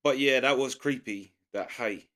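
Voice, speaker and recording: A man's voice: mid-range voice, normal speed, fairly bright tone. A man, a reaction channel host, giving rambling casual commentary full of fillers and half-finished thoughts. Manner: rambling, searching for words, frequent fillers.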